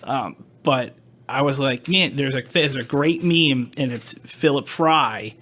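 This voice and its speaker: A man's voice: medium pitch, slow pace, pushed and bright. A man hosting a podcast, telling a story in casual chat, acting out quoted dialogue and swearing freely. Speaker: podcast host.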